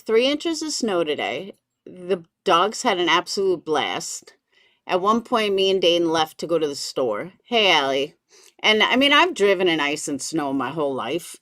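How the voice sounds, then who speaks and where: A chatty woman hosts a live stream, greeting viewers by name as she talks. Her pitch bounces around a lot, and her voice sounds dry and close, with no room echo. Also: a bit bright. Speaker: livestream commentary host.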